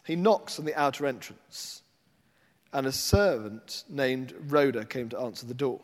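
A man's voice: medium pitch, lively intonation, a little slow, in a large hall. A man preaching a sermon, telling the story animatedly and slipping into acted voices.

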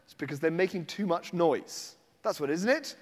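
A man's voice: fairly high pitch, animated, normal speed, in a large hall. A man preaching a sermon, telling the story animatedly and slipping into acted voices.

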